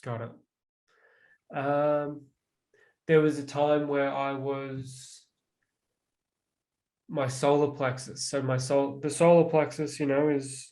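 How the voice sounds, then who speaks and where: A man's voice: medium pitch, flat delivery, slow pace, long pauses, mellow. A man telling personal stories about emotional pain in a reflective, casual way, with many "like" fillers. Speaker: guest. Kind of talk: casual conversation.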